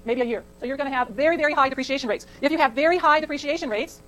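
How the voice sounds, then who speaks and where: A woman's voice: high-pitched, very fast, fairly bright tone, rough recording. A middle-aged woman from California giving a chatty classroom lecture, digressing into anecdotes and asking the class questions. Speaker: college lecturer. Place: lecture hall.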